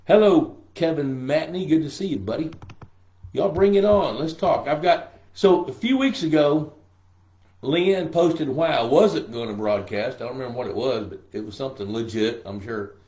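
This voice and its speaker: An older man hosts a casual live-stream Q&A for a pond management show, his medium-pitched, mellow voice scratchy from a throat infection. He speaks at a moderate pace in a folksy, joking way, greeting viewers by name. The room gives off a roomy echo.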